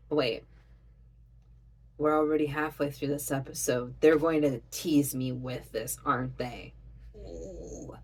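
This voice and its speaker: A woman reacting to an anime episode in casual commentary, gushing like an excitable fan. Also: deep voice, measured pace, rough recording.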